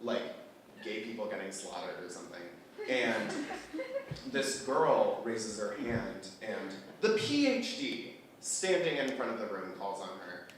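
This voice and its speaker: A man's voice: on the low side, sing-song, a little slow, a crowd in the background. A young man doing stand-up comedy before a live audience, talking in a rambling way with lots of fillers and acted-out quotes. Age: young adult. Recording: roomy echo, distant from the mic, audience laughter.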